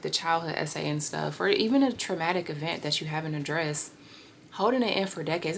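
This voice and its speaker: A woman in her thirties candidly telling a personal healing story, reflective and pausing often. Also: low voice, a little hiss or hum. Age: 30s. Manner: reflective, with pauses and fillers. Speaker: vlogger sharing a healing story.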